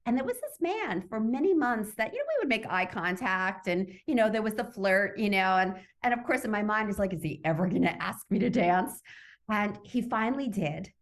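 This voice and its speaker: A woman's voice: medium pitch, animated, a little fast, few pauses, a bit bright. A woman guest in an interview, telling a personal story and acting out her own inner voice, heard over a video call. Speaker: summit guest, author.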